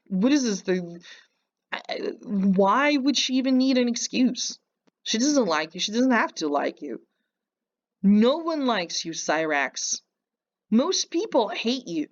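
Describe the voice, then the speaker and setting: A woman with a fairly high voice talks back at a clip in a reaction video. She mocks and insults with biting sarcasm. The recording sounds dull and lo-fi. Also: big pitch swings, slow pace. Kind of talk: reaction commentary.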